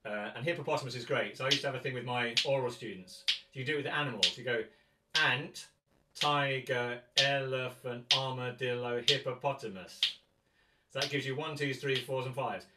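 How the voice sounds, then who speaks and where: A man's voice: mid-range voice, fast talker, few pauses, heavy background noise. A man teaching a guitar masterclass in a chatty way, often counting and singing rhythms aloud. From England. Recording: roomy sound, mic at a distance.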